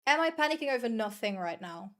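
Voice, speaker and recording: A woman's voice: a little high, sing-song, fast, fairly bright tone. A young woman from the Netherlands, chatting and swearing casually to viewers while commentating her gameplay. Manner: chatty, swears freely, self-deprecating, rambles to viewers. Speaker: streamer.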